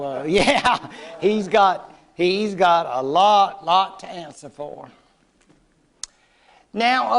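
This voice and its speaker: High-voiced, slow-talking male lecturer. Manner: playful, joking, acts out short quotes. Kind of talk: casual history lecture. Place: classroom.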